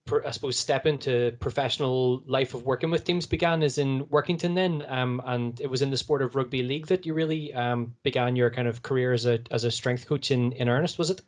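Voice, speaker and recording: A man interviewing a guest, phrasing his questions haltingly with fillers and restarts. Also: mid-range voice. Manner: hesitant, rephrasing questions with fillers.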